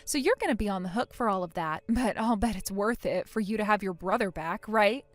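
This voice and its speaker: A woman's voice: mid-range voice, brisk, no echo, soft background music, lightly acted. A woman voicing a furious, injured young bride who speaks in a cold, scornful and firm way. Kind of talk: text-message story voice acting.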